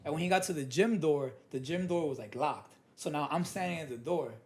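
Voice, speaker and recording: A man's voice: fairly high pitch, a little fast. A man, a podcast guest telling stories in a loose, rambling way full of fillers and restarts. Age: late 20s. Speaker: guest, program supervisor in education. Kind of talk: casual podcast chat, storytelling.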